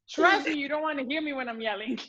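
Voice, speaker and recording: Excited woman guest, high voice, loud and animated, slightly muffled call audio. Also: fast talker, a crowd in the background. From Puerto Rico heritage. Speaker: guest, home cooking video creator. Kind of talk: casual chat.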